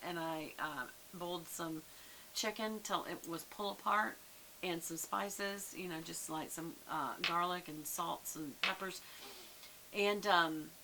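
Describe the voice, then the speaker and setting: A woman's voice: lowish voice, creaky, bright, forceful tone, low-quality recording. A woman leading a casual Bible study, musing aloud with frequent fillers. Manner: conversational, muses aloud, many fillers. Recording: faint hiss.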